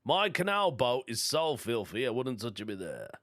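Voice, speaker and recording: A man's voice: mid-range voice, big pitch swings, moderate pace, a bit bright, dry recording, clean studio sound. A man with a Birmingham accent hosting a solo comedy podcast, chatty and self-amused, reading jokes aloud and laughing at them. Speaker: podcast host.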